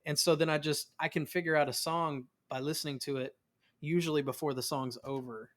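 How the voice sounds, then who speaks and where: A man in his thirties, a voice actor being interviewed, telling stories in a lively way, acting out quotes and often restarting his words. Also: on the high side, brisk. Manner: animated storyteller, acts out quotes of family; many restarts and repeated words. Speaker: voice actor guest. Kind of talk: casual interview chat.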